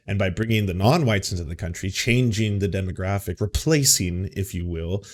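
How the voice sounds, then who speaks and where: A lowish male voice from Canada talking through politics in a loose, rambling way. He is sarcastic and keeps repeating words as he goes. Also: darkish tone. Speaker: host. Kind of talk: casual political commentary.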